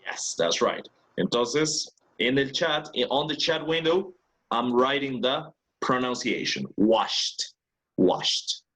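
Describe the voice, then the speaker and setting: Male teacher, mid pitch, patient and step-by-step, on a video-call mic. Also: expressive, unhurried, fairly bright tone. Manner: patient, explains step by step, checks with "¿ok?". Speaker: English teacher. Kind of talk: online class, mixing Spanish and English.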